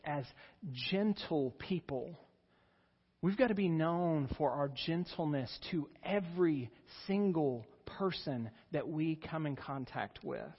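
A man preaching in a church sanctuary, his fairly high voice slow and unhurried. He speaks with earnest emphasis, and the slightly husky sound carries a long hall reverb on a dull, muffled recording. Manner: earnest, rises in pitch and volume for emphasis. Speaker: pastor. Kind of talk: sermon.

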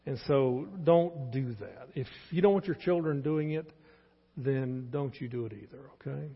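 A man's voice: mid-range voice, moderate pace, creaky, breathy edge. A man in his sixties with a Texan accent, preaching a sermon as pastor in an earnest, pleading way and repeating his key points. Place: church sanctuary. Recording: dull lo-fi church sermon with long reverb.

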